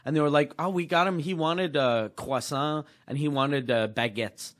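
A man's voice: fairly high pitch, normal speed, fairly bright tone. A middle-aged man, co-hosting a casual podcast and telling a rambling, profane story. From Quebec, Canada. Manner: rambling, profane, restarts often. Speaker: podcast co-host, comedian.

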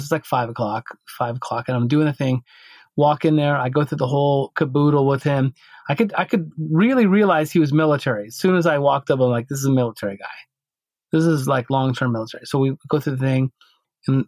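A man's voice: medium pitch, no echo. Rambling male podcast storyteller, dry sound. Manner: rambling, animated, with many restarts and fillers. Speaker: podcast co-host.

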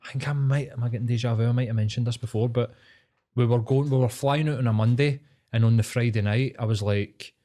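A man's voice: medium pitch, steady tone, fast, warm tone. A Glaswegian man co-hosting a podcast, telling stories in a loose, sweary way. He acts out the people he meets and keeps the chat casual. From Scotland. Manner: sweary, storytelling, acts out quoted voices. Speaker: podcast co-host.

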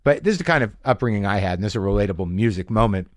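A middle-aged man hosting a podcast from his garage, telling rambling stories in an animated way, swearing freely. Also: lowish voice, racing, dry recording, clean studio sound. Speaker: podcast host. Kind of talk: casual monologue. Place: home garage.

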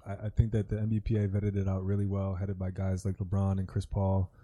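Ex-pro man, sports chat, dark level voice, sincere. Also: low-pitched, completely flat delivery, a little fast, husky. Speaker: former basketball player, co-host. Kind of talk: casual sports talk.

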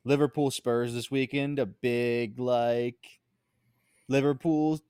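A man's voice: mid-range voice, fairly even intonation, takes it slowly, a little mellow, smooth, dry recording, clean studio sound. A young man co-hosting a sports podcast, chatting in a laid-back way with wry asides. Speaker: podcast co-host. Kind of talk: casual sports chat.

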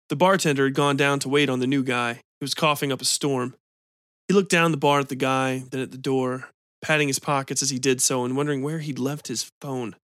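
A man hosting a podcast and reading a short story in an even, measured way. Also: medium pitch, no room sound, clean studio sound. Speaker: podcast host and narrator. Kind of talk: scripted story narration.

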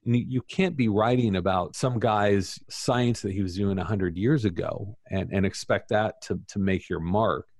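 A man being interviewed as an author, talking casually in an animated, emphatic, self-deprecating way. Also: on the low side, normal speed, few pauses, no echo, studio quality. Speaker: author guest.

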